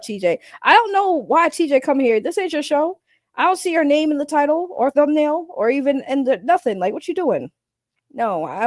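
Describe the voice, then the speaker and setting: A woman's voice: a little high, darkish tone, dry recording, clean studio sound. A woman hosting a livestream in casual, rambling chat. She is blunt and joking and swears freely as she greets her viewers. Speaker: livestream host.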